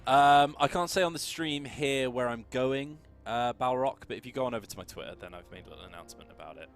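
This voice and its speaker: A man, co-hosting a livestream and commenting casually on his own strategy gameplay with excitable reactions. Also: medium pitch, fast. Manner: excitable, reacts loudly to the game. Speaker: co-host playing a strategy game on a livestream. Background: game music.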